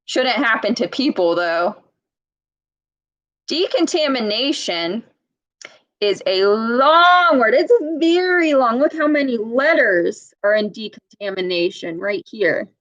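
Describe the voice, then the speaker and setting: A woman reading a children's picture book aloud, pausing to point out words and ask young listeners questions in a clear, teacherly way. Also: medium pitch, expressive, fairly bright tone, muffled recording.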